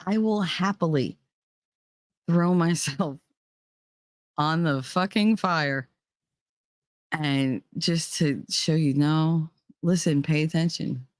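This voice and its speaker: A woman's voice: deep voice, takes it slowly, long pauses, no echo, studio quality. A woman with a New Jersey accent giving a blunt, profane, fiery rant to her viewers. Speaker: vlogger. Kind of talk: ranting monologue.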